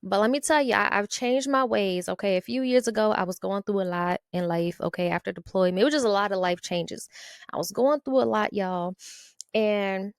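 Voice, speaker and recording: On her podcast, an Ohio woman talks alone in a relaxed, playful, chatty way, often adding "okay?" and "y'all" to what she says. She speaks at medium pitch and normal speed, smoothly, with no echo.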